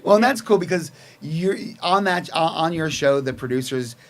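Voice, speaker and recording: A man's voice: a little high, normal speed, background noise. A man hosting a casual interview, enthusiastic and encouraging toward his guest. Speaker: podcast host.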